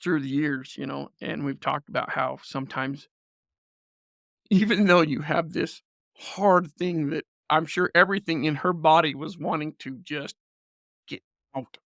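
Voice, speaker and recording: A man telling a lively family story as a podcast guest, often laughing and acting out what people said. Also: fairly high pitch, measured pace, creaky, no echo, clean studio sound. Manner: animated storyteller, laughs often, acts out quotes. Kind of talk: casual storytelling.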